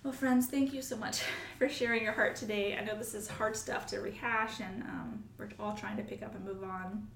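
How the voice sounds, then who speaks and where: Heard from a distance in a roomy space with faint ambience and a little hiss or hum, a woman who hosts a podcast and works as a nurse talks earnestly and emotionally, acting out the coworkers she quotes in this heartfelt conversation. Her mid-range voice is creaky and a bit bright, with a steady tone, moderate pace and hardly any pauses.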